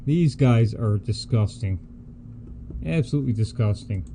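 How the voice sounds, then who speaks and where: Guy cohosting a politics stream, warm dark voice, scornful and worked up, little bit of hiss behind. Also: mid-range voice, animated, unhurried. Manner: indignant, scornful, laughs easily. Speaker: co-host of a political livestream. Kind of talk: casual political commentary.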